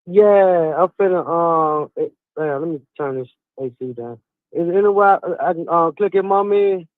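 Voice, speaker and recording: A man's voice: a little high, normal speed, no room sound. A man on a phone call giving short, laid-back answers as a recruit's guardian. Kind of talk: phone conversation. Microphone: phone call on speaker. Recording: tinny phone line.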